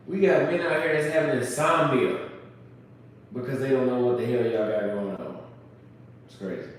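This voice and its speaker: In a casual chat, a man talks bluntly and crudely, rambling and mocking others by quoting them in put-on voices. His voice is on the high side, at a moderate pace with frequent pauses. He sounds far off in an echoey room.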